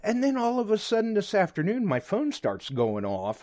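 A man hosting a live radio show, chatting excitably with big pitch jumps and quick asides. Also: no room sound, studio quality.

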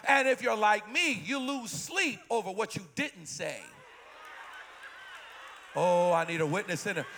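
A man in his fifties preaching a sermon in church, impassioned, repeating refrains and rising to shouted peaks. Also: sits high, unhurried, vocal fry, long pauses, a little hiss or hum. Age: 50s. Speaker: pastor.

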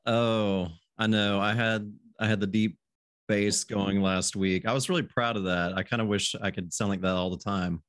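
A man with a lowish voice hosts a relaxed podcast conversation. He is easygoing and chuckles often. The sound is dry and close, with no room echo. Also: normal speed. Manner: easygoing, laughs often, restarts phrases. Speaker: podcast host. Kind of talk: casual podcast chat.

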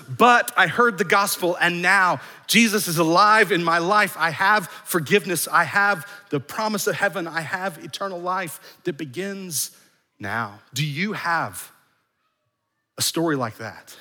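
A man's voice: high voice, measured pace, bright, forceful tone. A man preaching a sermon as pastor, emphatic and building in force, with phrases repeated for weight. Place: church sanctuary. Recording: long hall reverb in a church.

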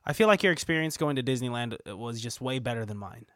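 A man's voice: mid-range voice, expressive, fast talker, a bit bright, no room sound, studio quality. A man co-hosting a casual remote podcast chat, teasing and laughing often. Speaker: podcast co-host. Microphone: remote recording.

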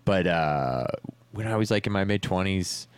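A very deep-voiced man hosts a podcast in an easygoing, casual way, dropping swear words freely. His voice sits close and dry, with no echo around it. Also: lively intonation, normal speed, smooth. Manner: laid-back, swears casually. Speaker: podcast host.

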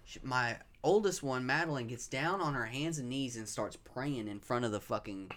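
A man in his thirties, a podcast co-host, telling animated, profane stories in casual chat among friends. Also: mid-range voice, normal speed.

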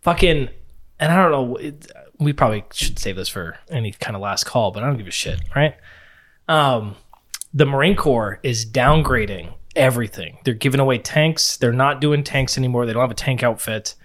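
A man's voice: medium pitch, normal speed, fairly bright tone. A man who served in the Marines, chatting casually and profanely in a rambling way. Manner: laid-back, profane, rambling. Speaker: former Marine. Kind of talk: casual chat.

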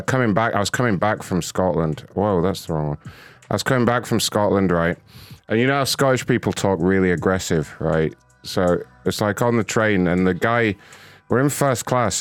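A British man hosting a prank-call stream, talking in a profane, mocking, excitable way. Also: on the low side, no echo. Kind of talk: casual live-stream chat.

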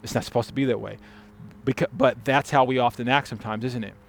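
A man preaching a sermon as pastor, emphatic and urgent, dropping to hushed stress on key words. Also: medium pitch, steady tone, quick pace, gravelly, a little hiss or hum. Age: adult father.

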